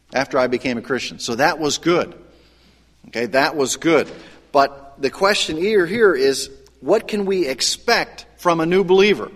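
Man, pastor, sermon, earnest conversational delivery, slightly high voice, long reverb.

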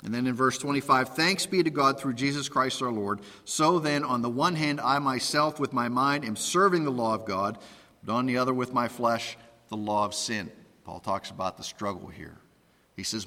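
A man's voice: mid-range voice, animated, moderate pace, pushed and bright, in a large hall. A man preaching a sermon, reading scripture aloud and explaining it verse by verse.

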